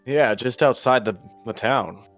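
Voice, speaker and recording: A man taking part as a player in a tabletop role-play, speaking in a calm, measured way. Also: mid-range voice, vocal fry, soft background music. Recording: dull lo-fi mic.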